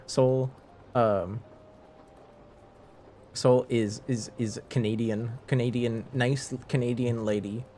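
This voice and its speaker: A man's voice: medium pitch, a little mellow, slight background noise. A man chatting casually with viewers on a live stream, rambling, laughing and restarting his sentences.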